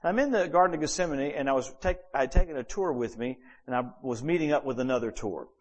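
This man preaches as pastor, spinning his stories energetically while his pitch and volume rise and fall dramatically. He's a quick talker.

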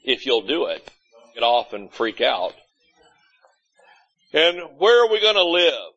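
A man's voice: mid-range voice, very animated, slow pace, pauses often, a bit bright, highs cut off. A man preaching a sermon as pastor, folksy and blunt, often mimicking complaining churchgoers. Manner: folksy, blunt preaching with mocking quoted voices. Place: church sanctuary.

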